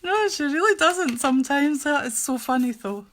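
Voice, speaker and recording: A woman's voice: sits high, expressive, normal speed, fairly bright tone, a little hiss or hum. A woman hosting a casual crafting livestream from her craft room, chatty and gushing, often giggling.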